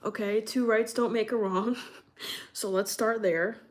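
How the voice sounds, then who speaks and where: A woman's voice: fairly high pitch, steady tone, a little slow. A young woman from New York chatting casually on a live stream, reading out chat and laughing often.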